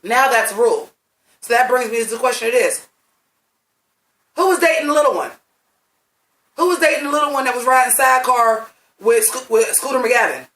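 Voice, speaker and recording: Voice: mid-range voice, bright, forceful tone. A blunt, profane movie reviewer in their late thirties, talking in a rambling, emphatic, casual way. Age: late 30s. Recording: roomy sound from a distant mic.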